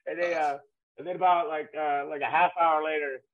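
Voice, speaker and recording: A man's voice: on the high side, fairly even intonation, fairly quick. A man telling rambling, laughing stories as a guest on a talk show. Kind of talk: casual storytelling. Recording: tinny phone-like line.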